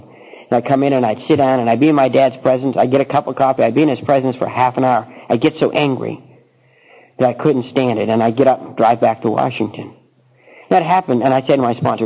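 A man's voice: mid-range voice, mellow, poor audio. A middle-aged man telling a personal recovery story, rambling with many false starts. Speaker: speaker sharing recovery story.

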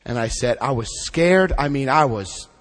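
Brief: lively male recovery speaker, medium pitch, big swings when quoting people, echoing hall. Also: normal speed. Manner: animated, acts out dialogue with big pitch jumps. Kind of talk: personal storytelling talk. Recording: echoey hall.

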